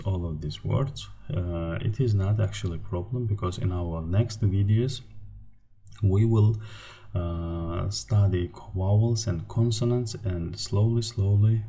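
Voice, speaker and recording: A man with a Turkmen accent gives a slide-based grammar lesson in a low, unhurried voice. His tone is mellow and dark. He pauses often, fills gaps with small hesitations, and breaks words into syllables carefully. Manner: hesitant, many fillers and restarts, spells out syllables slowly. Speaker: language teacher.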